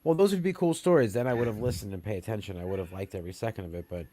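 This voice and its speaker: A man's voice: fairly low pitch, very fast, mellow, no echo. A man co-hosting a comedy podcast, teasing and mocking in crude, casual banter. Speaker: podcast co-host.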